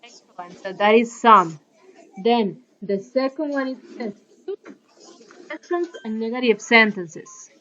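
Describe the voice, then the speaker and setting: A woman's voice: a little high, lively intonation, unhurried, pushed and bright, a little hiss or hum. A woman teaching an online English grammar lesson, explaining patiently and checking in with the class. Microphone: video call. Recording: dull lo-fi video call audio.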